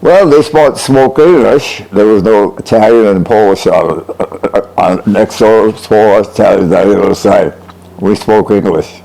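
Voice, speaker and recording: Halting, gravelly 100-year-old man. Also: fairly low pitch, warm tone, poor audio. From Niagara Falls, New York. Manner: short, halting answers with hesitations. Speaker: WWII veteran interviewee. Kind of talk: casual interview answers.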